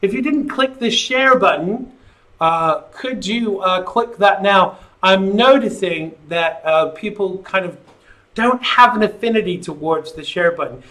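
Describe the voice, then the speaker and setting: A man's voice: sits high, unhurried, bright, forceful tone. A man hosting a live call-in talk show, rambling casually and reading viewer comments aloud.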